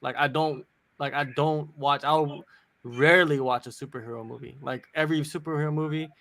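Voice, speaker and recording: A man in his forties with a slightly high, gravelly voice, chatting casually and with strong opinions. He talks in an animated way, often laughing, as a co-host of a live fight watch-along. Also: fairly quick. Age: 40s. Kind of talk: casual chat.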